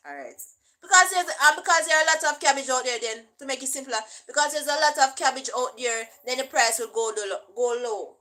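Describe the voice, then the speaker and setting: Bright-voiced Jamaican woman chatting. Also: sits high, fairly quick, rough recording. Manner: chatty, checks in often with "right?". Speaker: vlogger. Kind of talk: casual explanatory talk.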